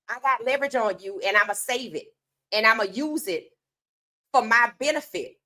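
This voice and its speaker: A woman's voice: a little high, expressive, moderate pace, pushed and bright. A woman hosting an opinionated sports commentary monologue. She talks casually and emphatically, firing rhetorical questions straight at her viewers. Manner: casual informal speech.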